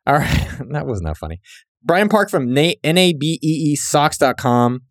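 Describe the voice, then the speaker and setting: A young man runs through listener shout-outs with a playful, joking edge, his pitch leaping around as he riffs. The sound is dry and close, with no room around it. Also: sing-song, no room sound. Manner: joking, riffing, quick asides. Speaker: podcast host.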